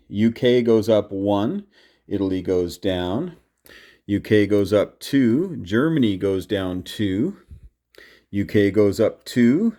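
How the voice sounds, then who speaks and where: A man's voice: fairly low pitch, warm tone. A man casually narrating his turn in a board game, counting out his moves aloud as he plays.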